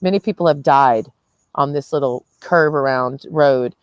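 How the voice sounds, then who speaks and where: Low-voiced young woman vlogging casually. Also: unhurried, dry recording, muffled recording. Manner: chatty, swears freely, laughs often mid-sentence. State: tired with a headache. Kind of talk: casual rambling vlog.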